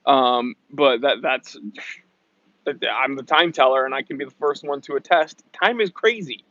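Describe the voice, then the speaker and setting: A man's voice: mid-range voice, fairly even intonation, measured pace, fairly bright tone, lo-fi sound. A man hosting a casual livestream outdoors, chatting and greeting viewers as he reads their comments aloud. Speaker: livestream host. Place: outdoors in the shade.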